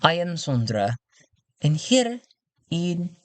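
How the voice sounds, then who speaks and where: A man voicing a prim, alluring female courtier with an English accent, speaking slowly in a soft, husky voice. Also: a little high, very animated, no echo, pitched above the performer's own voice. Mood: courteous. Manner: slow, proper, deliberate speech. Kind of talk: solo tabletop role-play.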